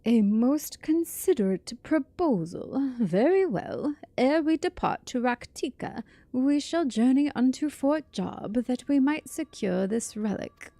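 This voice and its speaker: A woman voicing a composed young woman adventurer, reading formal, old-fashioned lines at a measured pace. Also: high-pitched, lively intonation, mellow, no echo.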